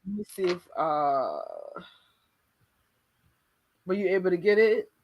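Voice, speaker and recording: A woman co-hosting a live watch party, reacting in an animated casual way. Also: lowish voice, takes it slowly, muffled recording. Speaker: livestream co-host.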